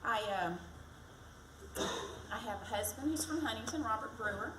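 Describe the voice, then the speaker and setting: A woman's voice: a little high, animated, moderate pace. A woman giving a chatty, self-deprecating campaign speech for county treasurer at a community event. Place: fire department community event. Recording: echoey, distant mic, background noise.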